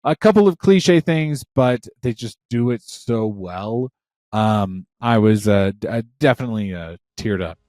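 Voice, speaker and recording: Excitable rambling man on a podcast. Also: lowish voice, measured pace, no room sound, studio quality. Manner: rambling, excitable, swears a lot. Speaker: podcast co-host. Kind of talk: casual chat.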